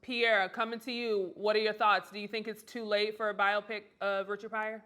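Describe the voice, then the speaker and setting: A woman hosting a comedy news show, steering the panel with brisk questions. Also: medium pitch, little pitch movement, a bit bright. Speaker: host.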